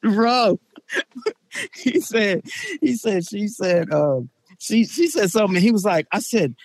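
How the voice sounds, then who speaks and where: A man's voice: high-pitched, lively intonation, a little slow, pauses often, slight background noise. A man co-hosting a casual chat, reacting in a laid-back, slangy way and sharing school stories. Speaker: school staff member and podcast co-host.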